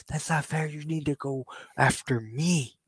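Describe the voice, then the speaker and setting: Brief: a man playing a proud champion calling out his rival, earnest and a little higher. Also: measured pace, slightly rough, no room sound, studio quality. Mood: indignant. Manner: earnest, pleading, raised pitch. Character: man, defiant wrestling champion.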